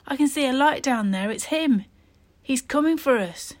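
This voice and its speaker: A woman's voice: high-pitched, expressive, brisk, voice pushed up. A woman voicing a mischievous young boy who plays at spooky jokes. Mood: mock terror. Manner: playful, mock-spooky. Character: mischievous joking Egyptian boy.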